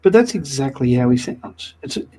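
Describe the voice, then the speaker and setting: A man's voice: mid-range voice, very animated, a little fast, dark tone, distant mic, a little hiss or hum, low-quality recording. A man with an Australian accent, co-hosting a casual livestream, chatty and wry, with a few hesitations. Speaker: co-host.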